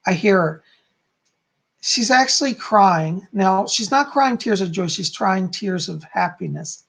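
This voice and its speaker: Guy doing live psychic readings, gravelly kinda husky voice, chatty with viewers. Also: high-pitched, lively intonation, measured pace, a bit bright. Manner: chatty, answers viewers one by one. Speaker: psychic medium.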